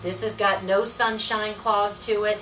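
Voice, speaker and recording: In an echoey meeting room, a woman volunteering at a political meeting gives an informal, punchy presentation, emphatic and folksy with repeated "let me tell you"s. Her voice is medium-pitched, fairly bright, flat in delivery, and a little slow; the distant mic adds faint hiss.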